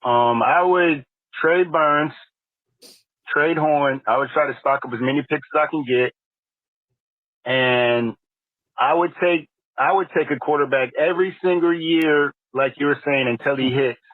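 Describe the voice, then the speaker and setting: A man's voice: on the high side, measured pace, dry recording. A male caller states his views plainly over a tinny phone line. The sound is dry and narrow. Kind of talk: call-in opinion.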